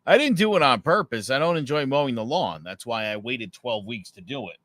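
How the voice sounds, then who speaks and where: A man co-hosting a casual podcast, telling animated stories. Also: mid-range voice, fairly quick, dry recording. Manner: animated storyteller who acts out dialogue. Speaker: podcast co-host.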